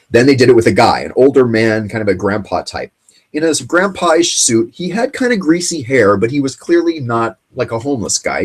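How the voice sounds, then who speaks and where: A man's voice: lowish voice, husky. A man hosting a late-night show, rambling through a casual monologue while choked up and tearful. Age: grew up in the 1980s. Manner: rambling, halting, with fillers and restarts.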